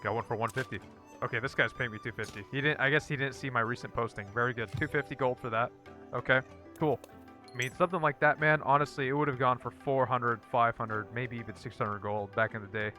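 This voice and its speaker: Guy casually narrating his gameplay, crisp bright voice, deadpan one-word calls. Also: medium pitch, fast talker, soft background music. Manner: repeats one-word verdicts in a dry, flat way. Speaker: gaming channel host.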